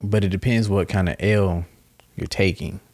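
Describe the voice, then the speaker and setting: A man's voice: deep voice, fairly even intonation, normal speed, darkish tone. A man talking casually and reflectively, laughing at himself and acting out little quoted exchanges. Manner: laid-back, laughs at himself, acts out quotes.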